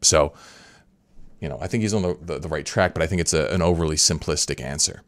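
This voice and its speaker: A man's voice: extremely low pitch, quick pace, no echo. A man hosting a podcast, commenting in a rambling, casual way with frequent restarts. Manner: rambling, self-correcting, repeats words. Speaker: podcast host.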